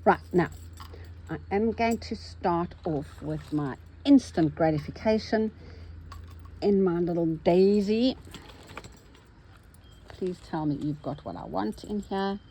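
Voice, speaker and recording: Gravelly-voiced woman chatting while stitching. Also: lowish voice, takes it slowly, pauses often, mellow, poor audio. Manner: cheerful, talks to herself while stitching. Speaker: embroidery vlogger. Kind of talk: chatty stitching vlog narration.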